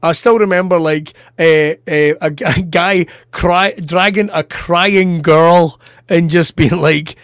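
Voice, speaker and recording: A Scottish man with a notably high voice tells rambling, sweary stories from his comedy gigs. He talks in an animated, rough-edged way. The sound is close and completely dry, with no room in it. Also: normal speed, no echo. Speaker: comedian and podcast co-host. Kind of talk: casual podcast chat, anecdotes.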